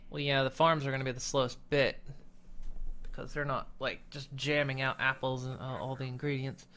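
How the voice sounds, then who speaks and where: Bright-voiced man thinking aloud while gaming. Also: mid-range voice, flat delivery, fairly quick. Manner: thinks aloud, hesitant, restarts often. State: hiccuping. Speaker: streamer. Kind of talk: casual gameplay chat.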